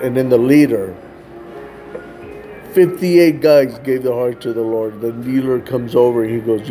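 Mellow-voiced man telling a testimony. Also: mid-range voice. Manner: casual, repeats "man" and "like", acts out quoted voices. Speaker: street evangelist. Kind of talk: testimony storytelling.

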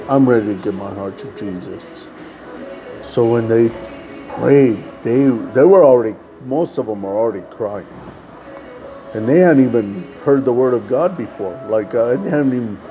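A man's voice: mid-range voice, dark tone, low-quality recording. A man telling a personal story in casual testimony style, acting out the dialogue of others and saying "man" often. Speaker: storyteller recounting street ministry.

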